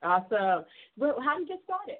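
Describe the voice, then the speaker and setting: A woman's voice: a little high, very animated, a little fast. Effusive woman radio host on a tinny line. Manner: effusive, encouraging, laughs often. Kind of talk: casual radio chat.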